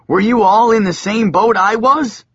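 A man's voice: high-pitched, a little slow, breathy edge, dry recording, highs cut off, voice pushed up, heavily acted. A man voicing an eager, earnest young disciple in an audiobook, speaking in a preachy way. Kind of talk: audiobook character voice.

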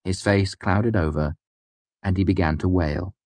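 Deep guy narrating an audiobook, measured and even, dry sound. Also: dry recording. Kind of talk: scripted narration.

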